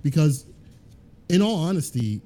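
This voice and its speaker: Dark-voiced man rambling earnestly. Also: fairly high pitch, very animated, unhurried. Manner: rambling, filler-heavy, earnest. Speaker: guest fighting game commentator. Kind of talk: casual podcast chat.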